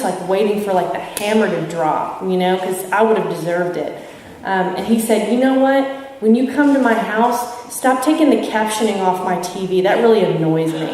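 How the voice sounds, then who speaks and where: A young woman tells her recovery story to a crowded convention, candid and self-mocking, slipping into the voices of the people she quotes. She is picked up from far away, so her voice rings through the hall's long reverb, and soft room ambience hums underneath. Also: mid-range voice, slight background noise. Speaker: AA speaker sharing her story. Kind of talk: recovery testimony to a live audience. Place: large convention hall with an audience. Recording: echoey hall from far off.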